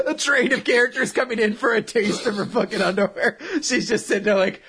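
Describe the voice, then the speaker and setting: A man's voice: very high voice, steady tone, brisk, sharp tone, husky. A man co-hosting a casual chat, riffing crude jokes and laughing often. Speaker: podcast co-host.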